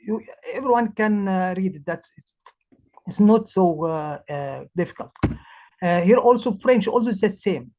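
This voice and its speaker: A woman who is a language teacher, presenting her project in English, halting and restarting as she searches for words. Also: mid-range voice, lively intonation, dark tone, slight background noise. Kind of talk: presentation talk.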